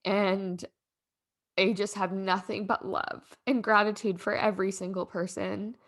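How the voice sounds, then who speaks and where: A woman's voice: mid-range voice, level tone, normal speed. A young woman hosting a podcast, telling a personal story in a casual, rambling, heartfelt way, full of "like" fillers and close to tears at times. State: emotional, near tears. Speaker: podcast host.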